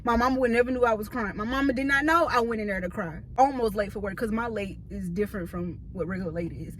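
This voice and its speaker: A woman in her thirties telling a story in a casual, slangy, animated vlog, talking from a parked car. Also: mid-range voice, fast, slight background noise. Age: 30s. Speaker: vlogger. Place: parked car in a store parking lot.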